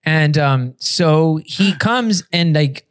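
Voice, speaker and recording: A man with a notably high voice tells a story on a casual podcast. He talks in an animated, profane way and laughs between his lines. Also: slow pace, crowd noise. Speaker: podcast guest or host.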